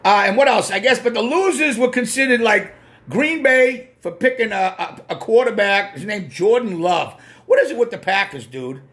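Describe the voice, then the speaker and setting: A man with a Boston accent and a strikingly high voice, chatting through a casual live stream. He talks bluntly, drifts from point to point, swears freely and stops to greet viewers by name. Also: expressive, normal speed, fairly bright tone. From Massachusetts.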